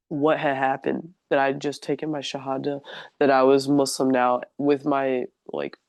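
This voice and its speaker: Young woman, gravelly voice, dry close sound, chatty and emotional, lots of "like", casual storytelling. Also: rumbling low, a little mellow, no room sound. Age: young adult. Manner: chatty, says "like" a lot, openly emotional. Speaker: interview guest telling her conversion story.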